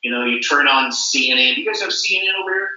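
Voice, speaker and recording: A man's voice: mid-range voice, lively intonation, fast talker, pushed and bright. A man giving a motivational stage speech at a company event, emphatic and repetitive. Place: large event hall. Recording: echoey hall from far off, dull.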